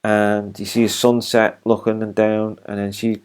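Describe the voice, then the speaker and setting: A man's voice: fairly low pitch, flat delivery, moderate pace, darkish tone, smooth. A man giving an unscripted, rambling recap of a TV episode as a reviewer, with many fillers and restarts.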